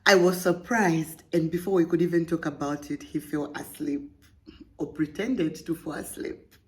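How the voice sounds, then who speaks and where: Reading a listener's story on her podcast, a young female host keeps interrupting herself with teasing, laughing, playful remarks. She speaks in a low voice with a steady tone at a moderate pace.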